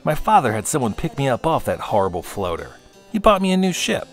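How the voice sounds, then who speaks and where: A man's voice: mid-range voice, huge pitch swings, a little fast. A man voicing a cocky, vain young pilot with a smug, brash way of talking, over background music.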